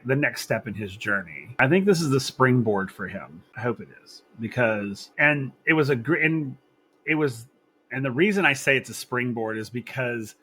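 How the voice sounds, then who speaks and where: Guy cohosting a wrestling podcast, bright voice, laughs a lot, keeps restarting sentences. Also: medium pitch. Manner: chatty, laughs often, repeats himself. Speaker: podcast co-host. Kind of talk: casual wrestling podcast chat.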